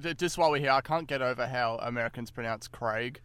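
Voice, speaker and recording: Bright, crisp Australian man chatting. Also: medium pitch, fast talker, dry recording. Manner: animated, mimics pronunciations playfully. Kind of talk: casual roundtable chat.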